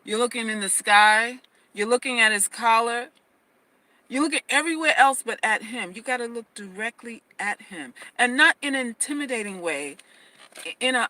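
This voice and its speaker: A woman's voice: a little high, lively intonation, measured pace, bright, forceful tone, low-quality recording. A woman hosting a casual livestream advice talk, emphatic, often repeating phrases and restarting sentences. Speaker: host.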